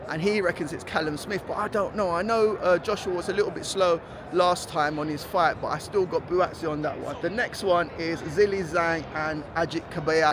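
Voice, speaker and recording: A man from East London with an East London accent, vlogging in a chatty, animated, slangy way, talking outdoors by a stadium. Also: sits high, noisy background. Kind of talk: casual vlog talk to camera.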